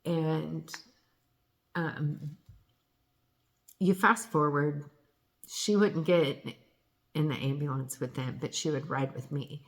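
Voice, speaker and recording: A woman telling a painful personal story in an earnest, halting way, often restarting and correcting herself. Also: low-pitched, steady tone.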